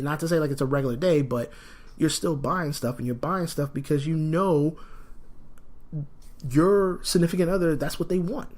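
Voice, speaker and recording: A man hosting a solo podcast in a rambling, animated way, sniffling from a cold. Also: on the high side. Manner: rambling and animated, frequent fillers. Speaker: podcast host. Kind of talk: casual solo podcast talk.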